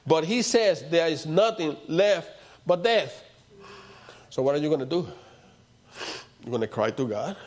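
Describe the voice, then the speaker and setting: A man preaching a sermon as pastor, asking the congregation rhetorical questions and answering them, swinging between loud emphatic lines and low quiet ones. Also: expressive, a little slow, pauses often. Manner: rhetorical questions with call-and-response.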